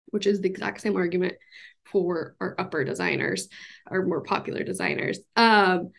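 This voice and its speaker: A woman's voice: fairly low pitch, normal speed, creaky. A woman hosting a podcast interview, talking thoughtfully in a casual way with fillers and small laughs. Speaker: podcast host.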